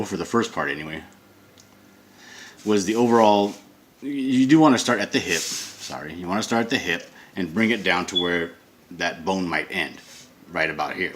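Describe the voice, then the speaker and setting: A man's voice: sits low, moderate pace, a bit bright. A man teaching comic drawing in a casual tutorial, rambling and correcting himself as he sketches. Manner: rambling, self-correcting, thinks aloud while sketching. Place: home studio.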